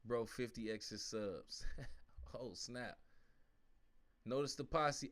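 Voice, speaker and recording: A young man hosting a live-stream sports watch-along, casual and slangy, switching between low mumbled asides and loud outbursts at the plays. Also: slow, long pauses. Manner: excitable, swings from mumbling asides to shouting at the game; uses slang like fam and bro.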